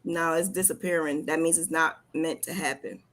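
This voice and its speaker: A woman's voice: low-pitched, fairly even intonation, moderate pace, a bit bright. A woman with a New Jersey accent hosting a casual chat on a video call, emphatic and laughing often. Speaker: host.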